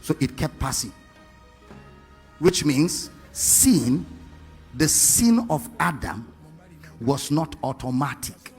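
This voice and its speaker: A man's voice: a little high, lively intonation, takes it slowly, long pauses, soft background music. A man preaching a sermon to a congregation, firing rhetorical questions and asking them to read along.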